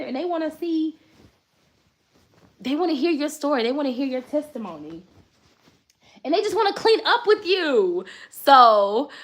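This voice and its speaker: A woman in her thirties talks to her viewers in a relaxed live chat while she folds laundry. Her voice sits a little high, and she laughs easily between heartfelt words of encouragement. She is chatty and openly emotional, keeping a friendly, faith-minded tone. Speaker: lifestyle content creator and mom.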